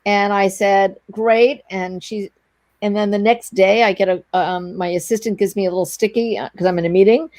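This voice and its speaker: A woman's voice: mid-range voice, normal speed, no room sound. A middle-aged woman telling a long anecdote in a casual interview, acting out the other people's lines as she goes. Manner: animated, breathless anecdote telling with quoted dialogue. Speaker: guest, entrepreneur.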